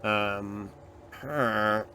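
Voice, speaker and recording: A man's voice: on the low side, steady tone, extremely slow, sharp tone, a little hiss or hum. A young adult man streaming a video game, giving chatty, rambling commentary with lots of fillers. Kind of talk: casual let's-play commentary.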